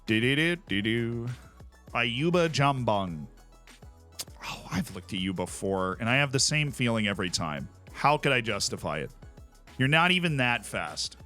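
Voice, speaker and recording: Animated, bright-voiced man telling stories. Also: mid-range voice, unhurried, soft background music. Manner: animated storytelling, laughs often. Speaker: streamer. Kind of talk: casual chat while playing a game.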